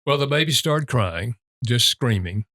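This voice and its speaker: An older man, a guest author, retelling stories in an interview chat, raising his pitch when he quotes other people and laughing lightly at his own anecdotes. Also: animated, measured pace, pushed and bright, no echo, clean studio sound.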